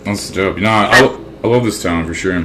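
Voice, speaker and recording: A man's voice: lowish voice, a little fast, pushed and bright, slight background noise. A man from St. Louis hosting an interview, loose and joking, swearing a lot and stumbling over his words. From St. Louis, Missouri. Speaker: host. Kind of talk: casual interview chat.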